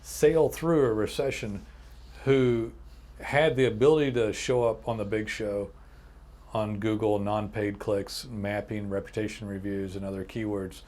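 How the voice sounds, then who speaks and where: Brief: podcast host, man, lowish voice, blunt and emphatic. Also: steady tone, normal speed, darkish tone, a little hiss or hum. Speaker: podcast host and agency owner. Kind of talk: casual business chat.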